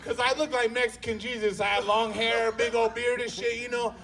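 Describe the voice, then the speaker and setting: High-voiced profane stand-up storyteller man. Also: fairly quick, far from the mic, some chatter behind. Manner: profane, animated, acts out characters with voice shifts. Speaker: stand-up comedian.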